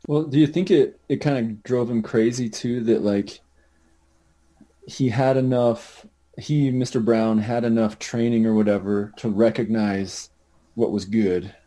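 A man's voice: mid-range voice, steady tone, unhurried, mellow, rough recording. A man in a casual film chat who explains at length, peppering his speech with fillers.

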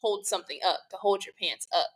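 A young woman co-hosts a relaxed podcast, thinking aloud and leaning on "like" as she talks. Her voice sits at a middle pitch. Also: fast talker, breathy edge, poor audio. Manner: casual, filler-heavy with "like". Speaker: podcast host. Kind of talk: casual podcast discussion.

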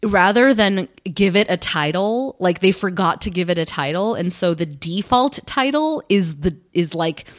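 A woman's voice: on the low side, expressive, normal speed, few pauses. Chatty, giggly woman podcast co-host. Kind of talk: casual chat.

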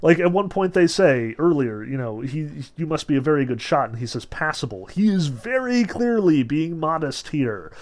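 A man lecturing casually on a novel, reading passages aloud between loose, filler-heavy explanations with animated emphasis. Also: on the high side, normal speed, hardly any pauses. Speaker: literature lecturer.

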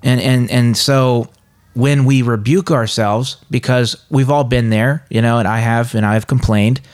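A man's voice: medium pitch, steady tone, unhurried, a little mellow. A man co-hosting a casual Bible discussion podcast, talking in an earnest, confessional way. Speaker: podcast co-host.

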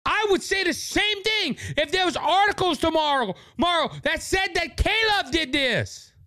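A man's voice: very high-pitched, lively intonation, moderate pace, bright, forceful tone, dry recording, clean studio sound. A man from Louisiana hosting his own podcast, speaking into a microphone in a fervent, preachy way and repeating words when worked up. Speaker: podcast host. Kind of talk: impassioned political podcast monologue. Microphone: studio microphone.

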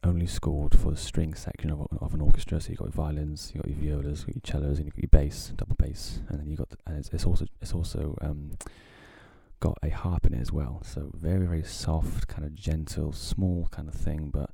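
A man's voice: extremely low pitch, little pitch movement, brisk, creaky, warm tone, breathy edge, no echo. A man hosting his own podcast, talking casually in a rambling, wry, self-deprecating way into a close home mic. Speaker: podcast host. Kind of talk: casual solo podcast talk.

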